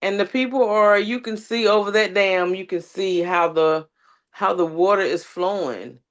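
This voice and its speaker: A woman's voice: mid-range voice, normal speed. A woman, a substitute teacher and community organizer, giving an impassioned talk at a panel. She talks earnestly, with long lists and frequent fillers.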